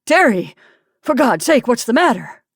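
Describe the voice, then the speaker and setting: A woman's voice: fairly high pitch, animated, a little slow, darkish tone, dry recording, clean studio sound. A woman reading a story aloud, voicing a bewildered young husband who turns angry and indignant. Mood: alarmed. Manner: indignant, blustering.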